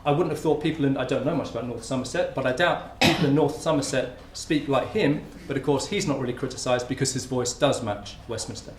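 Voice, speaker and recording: This academic speaker rushes through his conference talk at a fast clip, with medium pitch and hardly any pauses. He keeps it informal and chatty, while background noise and faint ambience fill the roomy lecture hall.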